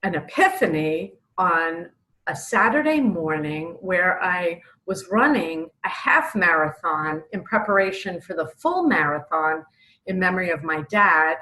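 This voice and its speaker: A woman's voice: lowish voice, animated, a little slow, pushed and bright, poor audio. A middle-aged woman from New York, earnestly telling a personal faith story as an author and acting out her own pleas. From Brooklyn, New York. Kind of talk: personal testimony.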